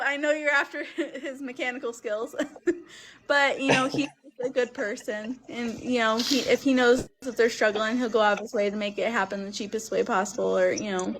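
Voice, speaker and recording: A woman guest in casual chat, warm and giggly, often pausing on fillers. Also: fairly high pitch, slight background noise, poor audio.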